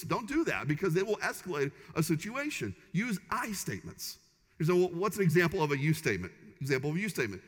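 A man's voice: a little high, a bit bright. A man preaching a sermon as pastor, conversational and humorous with punchy repeated phrases. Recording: long hall reverb.

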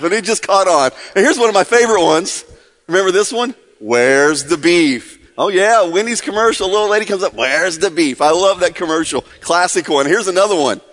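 With a fairly bright tone and a high voice, a forty-something pastor starts his sermon in a relaxed, upbeat way, quizzing the congregation. It's recorded in a church hall with long church reverb.

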